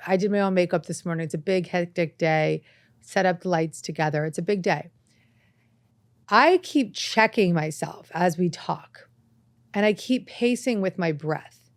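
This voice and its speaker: Woman giving earnest self-help talk, lower voice, dry sound, slows down to breathe. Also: no room sound. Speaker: podcast host. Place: studio set with lights.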